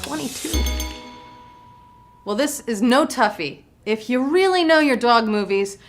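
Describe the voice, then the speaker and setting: A woman's voice: fairly high pitch, lively intonation, a little slow, soft background music. A young woman hosting a live trivia game show, bubbly and full of playful puns. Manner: bubbly, punny, playful banter.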